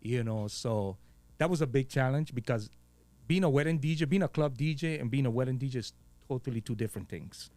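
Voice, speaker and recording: A man's voice: mid-range voice, fairly quick, warm tone, no echo. Laid-back Virgin Islands man, dry sound. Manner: laid-back, street slang, frequent swearing and fillers. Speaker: guest DJ. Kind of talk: casual interview chat.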